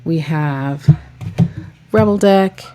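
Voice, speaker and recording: In a very noisy recording, a woman with a deep voice draws out her words. She's a tarot vlogger and reader casually rambling about her tarot decks, using "like" frequently.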